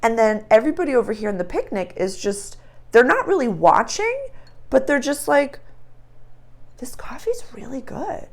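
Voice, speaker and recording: Animated woman telling a spiritual story. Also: on the high side, moderate pace. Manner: animated storytelling, acts out voices. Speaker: astrology channel host. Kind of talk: casual spiritual monologue.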